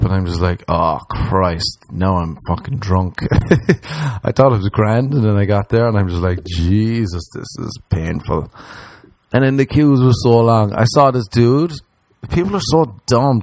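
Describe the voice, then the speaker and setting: A man's voice: lowish voice, darkish tone. A man, a comedian telling a rambling story in casual chat, swearing and acting out the people he quotes. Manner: swearing, acts out quoted voices.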